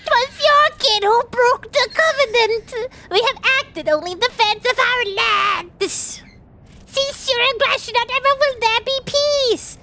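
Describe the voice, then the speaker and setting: A woman voicing a furious giant male earth god who booms out slow proclamations. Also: sharp tone, slight background noise, heavily acted.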